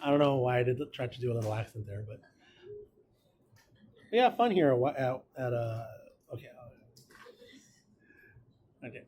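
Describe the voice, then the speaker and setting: A man's voice: mid-range voice, very animated, normal speed, pauses often, darkish tone, a little hiss or hum. A man teaching a math class, casual and encouraging, talking through each step aloud. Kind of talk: classroom lecture.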